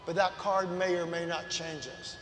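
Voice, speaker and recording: Passionate male preacher, high voice, booming room, slow measured delivery building to shouts. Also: level tone, slight background noise. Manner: impassioned, swings from soft to shouting. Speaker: guest preacher. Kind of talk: sermon. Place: large church sanctuary. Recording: echoey church hall.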